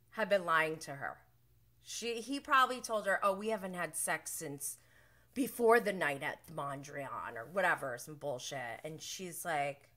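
A young adult woman hosting a casual recap show, telling the story with animated quoted voices. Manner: animated storytelling, acts out quotes with big pitch jumps. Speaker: podcast host.

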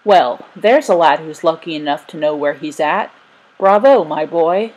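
A woman's voice: deep voice, unhurried, darkish tone, slightly rough, muffled recording. A woman voicing a jovial man in a crowd who praises a boy, in a storybook reading. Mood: amused. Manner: hearty, amused.

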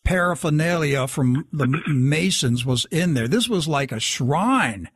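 Husky, lively-voiced man telling a story. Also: a little high, a little slow, no echo, studio quality. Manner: animated, acts out quoted dialogue. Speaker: guest storyteller. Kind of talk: casual spoken storytelling.

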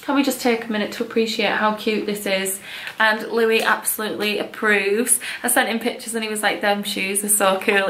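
Recorded in an echoey room, a young woman with a fairly high, fairly bright voice gushes casually over baby clothes she picked up. Her vlog haul chatter is loaded with likes and ums.

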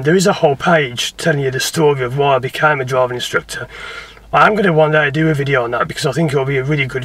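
English bloke, driving instructor, mix of posh and Birmingham accent, bright voice, rambling and self-mocking. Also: male voice, medium pitch, recorded from a distance. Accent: English, between posh southern and Birmingham. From England. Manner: rambling, chatty, self-deprecating, laughs often. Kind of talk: casual Q&A to camera.

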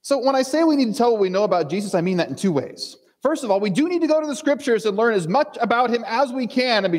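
Male pastor, sermon, somewhat high voice, acts out scripture characters, echoing church hall. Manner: reads scripture aloud with dramatic voices for the characters.

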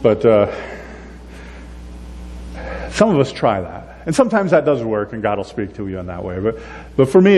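Speaking in a lowish voice, this preacher keeps his sermon conversational and animated, mimicking the grumbling people he describes. A long reverb tail trails his words.

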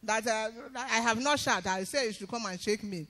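A woman giving an emphatic spoken testimony in church, breaking into loud praise. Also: a little high, moderate pace.

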